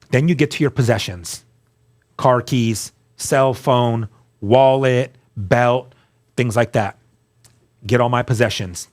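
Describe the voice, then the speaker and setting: A man recounting his personal testimony in an interview, telling the story earnestly and acting out the dialogue he quotes. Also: mid-range voice. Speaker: guest sharing testimony.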